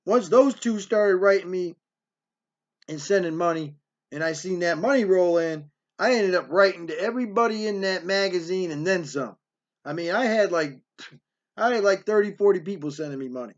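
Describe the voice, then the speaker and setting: A man in his fifties telling a story from his past in a blunt, streetwise way, often checking in with "right?". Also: high voice. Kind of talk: casual spoken storytelling. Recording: dull lo-fi recording.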